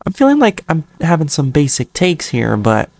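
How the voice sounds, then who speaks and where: A man giving an enthusiastic, chatty album review to his viewers, talking like an excited fan and cracking playful jokes along the way. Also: on the high side, normal speed, gravelly. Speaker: music reviewer YouTuber. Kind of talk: casual album review monologue.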